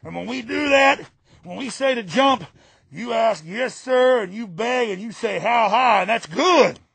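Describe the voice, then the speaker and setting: A man doing a satirical impression of a sneering, domineering male president, shouting and ranting in a gravelly voice. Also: very high-pitched, measured pace, no echo, heavily acted. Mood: menacing. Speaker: radio talk host. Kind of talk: satirical impression on talk radio.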